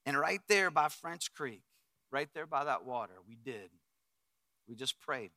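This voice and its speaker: A middle-aged man preaching as a pastor, telling a story with acted-out quotes and swings from loud bursts to hushed reflection. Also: mid-range voice, animated, a little slow, dry recording. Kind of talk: sermon storytelling.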